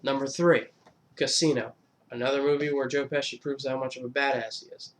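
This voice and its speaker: Male YouTuber, casual, mid-pitched, rambling and foul-mouthed, countdown host. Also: steady tone, a little fast. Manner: rambling, profane, fillers and restarts.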